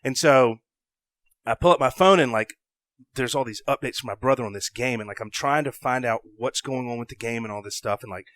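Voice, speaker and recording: A young adult man from the South, a podcast guest telling a story in an animated way. He swings from loud bursts to hushed asides and acts out his own thoughts. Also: medium pitch, a little fast, no room sound. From American South.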